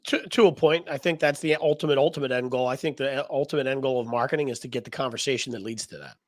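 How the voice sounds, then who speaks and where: A man's voice: medium pitch, quick pace, dry recording, clean studio sound. A man co-hosting a casual talk show, teasing and wisecracking with his partner. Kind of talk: casual podcast banter.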